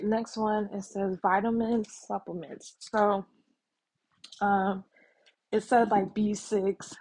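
A woman's voice: medium pitch, darkish tone, a little hiss or hum. A woman hosting a casual solo podcast, talking frankly with lots of ums and casual swearing. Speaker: podcast host.

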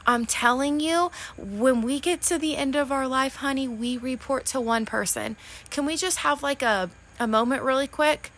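A woman with a slightly high voice hosts a faith podcast and talks straight to her listeners. She preaches with fervor, calls them honey and friend, and her voice is heavy with emotion. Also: a bit bright. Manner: emotional, voice wavering toward tears at times. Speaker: podcast host. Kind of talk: faith-based motivational podcast talk.

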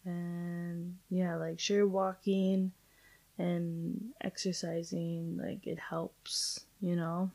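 A woman's voice: fairly low pitch, little pitch movement, drawn-out words, gravelly, mellow. A young adult woman hosting a casual solo podcast, rambling and chatty with lots of fillers and casual swearing. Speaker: podcast host.

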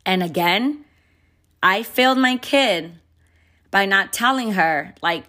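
Heated, profane mom venting. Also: female voice, mid-range voice, animated, slow, long pauses, bright, forceful tone. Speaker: mother. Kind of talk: candid storytime vlog.

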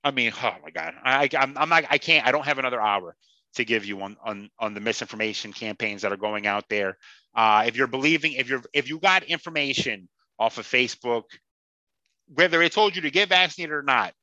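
A man hosts a casual sports podcast and rants bluntly, swearing freely. His voice is very bright and cutting. It is recorded close and dry, with a slightly dull, lo-fi sound. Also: medium pitch, brisk, no echo. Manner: blunt, profane and heated. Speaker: podcast host.

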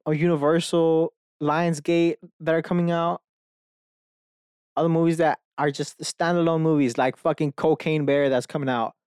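A young man hosts his podcast alone from his bedroom, rambling excitedly and swearing freely. His voice is smooth and clean, recorded dry and close with no room sound. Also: fairly high pitch, no room sound. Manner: profane, animated rambling. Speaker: podcast host. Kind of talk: casual solo monologue.

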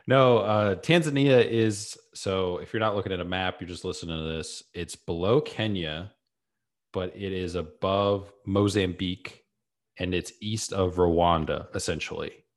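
Low-voiced laid-back male podcaster. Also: measured pace. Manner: laid-back, explaining with many fillers. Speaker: podcast co-host. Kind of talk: casual chat.

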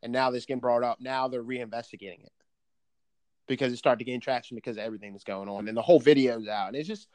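A man in casual chat, telling a story in an animated way, swearing freely and often restarting his sentences. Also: medium pitch, fast talker, dry recording.

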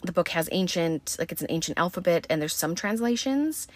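A woman with a low voice recaps a film in an easy, chatty way. She keeps dropping "um" and "like" between her words. She is blunt about what happens and swears without much thought. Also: animated, fairly quick, dry recording. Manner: chatty, full of "um" and "like" fillers. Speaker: movie recap host.

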